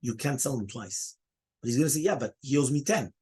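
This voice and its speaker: Husky-voiced rabbi teaching a Talmud class. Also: male voice, medium pitch, lively intonation, a little fast, darkish tone. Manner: explains step by step, often checks in with "right?"; fields questions and interruptions from students.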